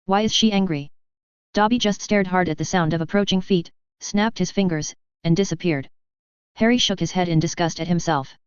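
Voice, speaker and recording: A woman narrating a story aloud, in a steady, even storytelling manner. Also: on the low side, a little fast, clear, resonant tone, no echo. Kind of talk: audiobook reading of fan fiction. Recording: dull, slightly muffled recording.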